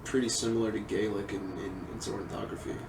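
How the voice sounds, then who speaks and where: A man's voice: fairly low pitch, level tone, quick pace. A young man co-hosting a casual podcast, making dry asides. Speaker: podcast co-host. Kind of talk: casual chat. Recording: echoey room, distant mic, clear noise.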